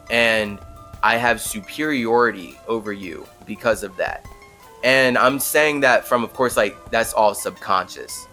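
A man with a mid-range voice hosts a casual podcast, rambling through a story in an unhurried way. His talk is loose and conversational, packed with "like" fillers, and faint music sits behind him. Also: medium pitch, a bit bright. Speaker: podcast host.

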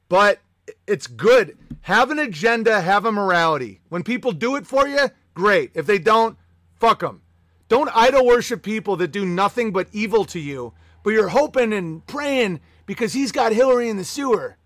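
A man's voice: high voice, sing-song, normal speed, fairly bright tone, no room sound, studio quality. Profane, ranting streamer, a man. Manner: profane, sarcastic and combative. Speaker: live-stream host reading chat. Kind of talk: ranting live-stream commentary.

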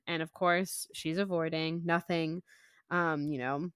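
A woman's voice: sits low, steady tone, unhurried, fairly bright tone, clean tone, no room sound, studio quality. A woman co-hosting a book club podcast, chatting casually as she retells a chapter, peppered with "like". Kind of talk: casual chat.

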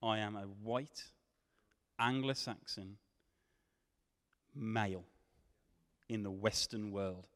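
A man preaching a sermon, swinging from loud questions to hushed tones. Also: on the low side, takes it slowly, long pauses. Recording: long hall reverb.

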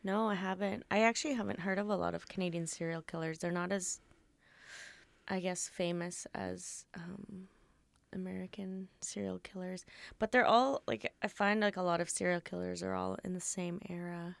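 A woman's voice: on the low side, steady tone, normal speed, gravelly, no echo. A woman co-hosting a casual podcast, chatting playfully and laughing often as she tells a story. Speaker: podcast co-host.

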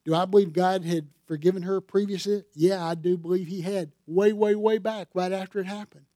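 A man's voice: high voice, steady tone, a little fast, dark tone, no echo, clean studio sound. A man preaching a sermon as pastor, telling stories in a folksy way and building to fervent emphasis.

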